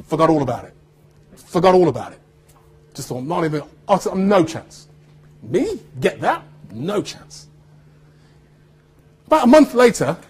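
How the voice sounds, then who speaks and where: Husky-voiced man telling a story. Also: a little high. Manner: animated, acts out quoted dialogue. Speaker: actor giving a talk to students. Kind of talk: anecdotal storytelling speech.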